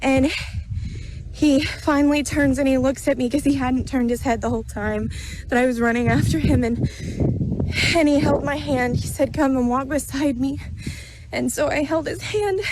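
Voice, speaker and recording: A woman telling a personal spiritual testimony in an earnest, halting way, full of fillers and restarts, recorded outdoors on a road. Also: high-pitched, noisy background. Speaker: vlogger sharing a spiritual testimony.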